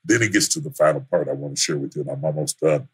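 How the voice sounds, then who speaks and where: A man preaching a sermon as pastor, building to shouts through repeated refrains. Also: very deep voice, expressive, quick pace, husky.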